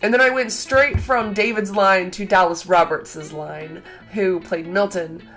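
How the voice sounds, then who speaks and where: Young female vlogger, mid-pitch, gushing and filler-heavy, faint guitar underneath. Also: unhurried, fairly bright tone. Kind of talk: casual chat to camera.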